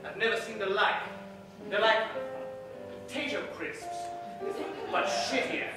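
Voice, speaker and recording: A grandiose detective of the Victorian age, as a man acts him out on stage, holding forth. His voice sits high and rings through a very echoey hall, picked up from a distance, with music behind. Every deduction comes out declaimed. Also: measured pace. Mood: pompous. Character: pompous male Victorian detective, theatrical. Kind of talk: improv theatre scene. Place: theatre stage. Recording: roomy stage from afar, music and audience.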